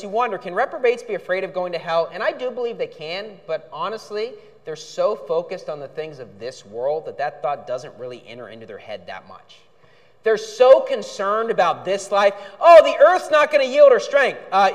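A man's voice: high voice, a bit bright. A male pastor preaching a sermon, indignant, with outbursts when angry. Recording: reverberant hall.

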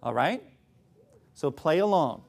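A male preacher delivers a sermon with sarcastic emphasis. His voice sits high and moves animatedly up and down. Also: expressive, slow pace, creaky.

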